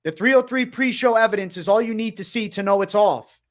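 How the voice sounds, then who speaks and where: An agitated young man on a livestream, talking in a high voice. He keeps repeating himself and swears a lot, calling his viewers bro. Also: fairly quick. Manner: excited, repetitive, swearing, addresses viewers as bro. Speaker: livestream host. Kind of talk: livestream commentary.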